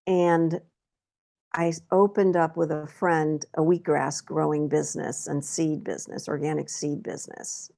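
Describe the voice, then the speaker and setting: A woman talking candidly in a casual conversation, telling stories about her life and getting animated when she acts out her own reactions. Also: low voice, unhurried, vocal fry. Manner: candid storytelling, animated when quoting herself. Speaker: guest.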